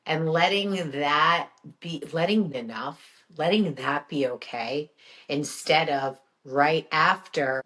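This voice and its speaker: A woman's voice: deep voice, takes it slowly, fairly bright tone. A woman hosting a wellness podcast, telling a personal story in a casual, chatty way and acting out her own inner voice with repeated phrases. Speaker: podcast host. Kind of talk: casual spoken monologue.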